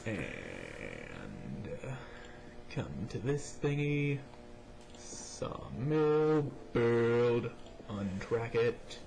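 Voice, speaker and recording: A man's voice: very animated, drawn-out words, vocal fry, noisy background. A young man gives goofy let's play commentary on a cheap early mic, reading game lines aloud while his voice jumps around. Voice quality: goofy, pitch jumping around. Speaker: gamer.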